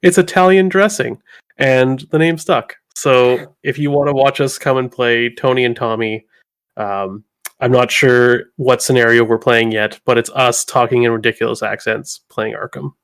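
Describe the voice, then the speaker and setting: A man's voice: medium pitch, fairly even intonation, moderate pace, fairly bright tone, clean tone. A man co-hosting a podcast, telling things in a rambling, laughing way with many fillers. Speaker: podcast co-host. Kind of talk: casual chat.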